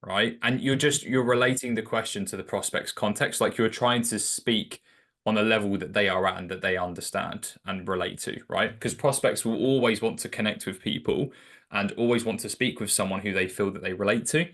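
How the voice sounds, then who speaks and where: A man's voice: lowish voice, steady tone, brisk, a bit bright. A man talking through sales advice in a loose, chatty way, telling stories with lots of filler words. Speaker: sales coach guest. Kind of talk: casual conversational storytelling.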